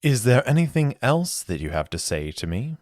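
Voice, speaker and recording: A man voices a wary, polite mercenary investigator with a formal manner, pitching his voice slightly above his own while keeping it close to everyday speech. The voice is medium-pitched, very animated, and darkish in tone at normal speed. The studio sound is clean, with no room sound.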